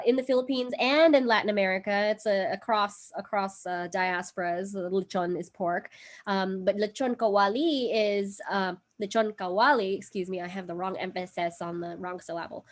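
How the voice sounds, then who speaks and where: A woman hosting a casual live cooking stream from home, chatty and giggly with lots of fillers. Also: mid-range voice. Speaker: livestream cooking host. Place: home in Brooklyn.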